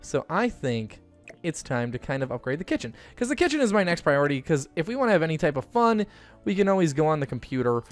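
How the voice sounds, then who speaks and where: A man giving casual, chatty commentary while playing a life-simulation game, getting excited and jumping up in pitch when something good happens. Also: quick pace, faint music behind. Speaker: gaming YouTuber. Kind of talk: casual let's-play commentary.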